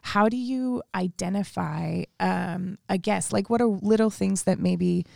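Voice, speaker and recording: A woman's voice: medium pitch, measured pace, gravelly, no echo, studio quality. A woman co-hosting a church podcast, reflecting aloud on the story and easing into the discussion questions. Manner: warm-affirming, reflective, thinks aloud with restarts. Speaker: small groups director, co-host. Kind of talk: podcast conversation.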